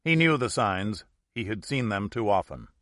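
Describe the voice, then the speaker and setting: A man narrating an audiobook in a measured, deliberate storytelling manner. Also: lowish voice, animated, a bit bright, no echo, clean studio sound.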